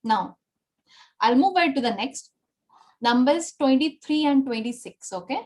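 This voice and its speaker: A woman teacher with a high-pitched voice leads an online Spanish class. She explains patiently, tagging almost every line with "okay?" or "right?" to check that students follow. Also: animated, measured pace, darkish tone. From India.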